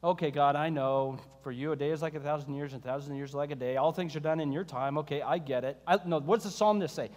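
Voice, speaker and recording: A man preaching a sermon as pastor, conversational and animated, mixing scripture reading with sarcasm and humor. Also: fairly high pitch, quick pace, hardly any pauses, long reverb tail.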